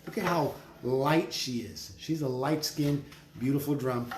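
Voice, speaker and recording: A man making drums, talking slowly with prayerful, emphatic declarations and chanted words as he presents his drums in his studio. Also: medium pitch. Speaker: drum maker selling drums on a live stream. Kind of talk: live sales stream with spiritual talk. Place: studio full of drums and rattles. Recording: roomy studio with faint noise.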